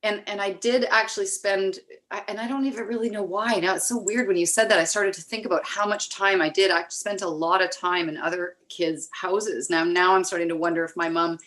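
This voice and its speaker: A Canadian woman speaking as a guest in a candid personal conversation, reflective and halting, with many restarts. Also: medium pitch, fairly even intonation, a bit bright. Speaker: guest, recovery advocate.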